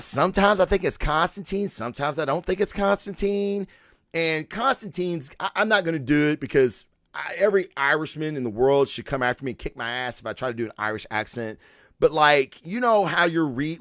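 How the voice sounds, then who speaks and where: A man hosting a comic book show, chatting casually in an excitable, rambling way with plenty of swearing and filler words. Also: medium pitch, no echo, studio quality. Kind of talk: casual solo review chat.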